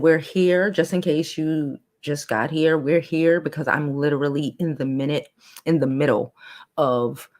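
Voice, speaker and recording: A woman hosting a casual livestream, talking bluntly with profanity and reading viewers' comments aloud in a lowered, softened voice. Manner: putting on a lower, softer new voice. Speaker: livestream host.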